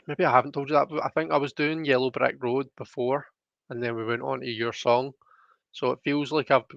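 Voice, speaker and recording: A young man with a Scottish accent rambles easily through viewer comments on a live stream, with plenty of ums and restarts. His voice sits at an ordinary middle pitch. The sound is dry and slightly dull. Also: gravelly, fairly bright tone, dry recording. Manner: rambling, chatty, frequent fillers. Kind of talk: casual live chat reading comments.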